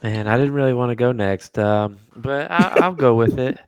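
A man's voice: mid-range voice, lively intonation, moderate pace, clear, resonant tone, no room sound. A man with a mid-range voice rants in casual podcast chat, exasperated over his team. He tells the story in a dry, close sound with no room. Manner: exasperated ranting. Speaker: podcast co-host.

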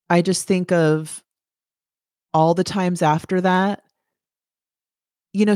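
Woman, 40s, from the US; personal testimony, candid and plain-spoken, low voice, dry sound. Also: darkish tone, no room sound. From United States. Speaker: survivor telling her story.

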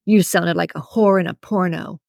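A prudish, balding old man who scolds with a trembling, indignant voice, pitched lower than the narration, as a woman puts him on. The reading is dry and close-miked, like a storybook. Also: fairly even intonation, normal speed, vocal fry, darkish tone, no room sound. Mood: scornful. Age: older.

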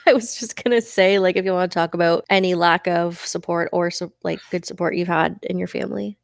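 Low, gravelly-voiced woman host. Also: steady tone, a little fast, no echo, clean studio sound. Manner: casual, reactive, swears freely. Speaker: podcast host. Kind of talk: casual conversation.

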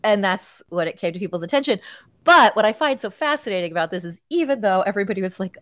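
A woman's voice: medium pitch, animated, fast talker, a bit bright, dry recording, studio quality. A woman co-hosting a podcast in casual, gossipy chat, peppering her talk with fillers. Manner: chatty, gossipy, lots of fillers. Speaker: podcast co-host.

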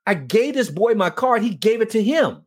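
A man's voice: high voice, very animated, normal speed, slightly rough. A man hosting a faith talk show, telling an emotional personal testimony and acting out the dialogue in it. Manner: earnest storyteller acting out dialogue. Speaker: show host and men's ministry leader.

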